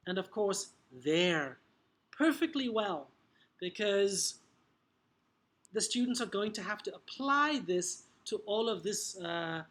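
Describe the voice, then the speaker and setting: A man's voice: sits high, a bit bright. A man, an English teacher trainer, explaining classroom methods in a chatty tutorial, often checking in with "okay?" and punchy asides.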